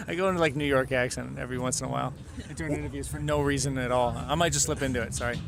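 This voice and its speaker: Relaxed male interview guest. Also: mid-range voice, fast, vocal fry. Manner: relaxed, laughs easily. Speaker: theater creator, interview guest. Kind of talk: casual podcast interview.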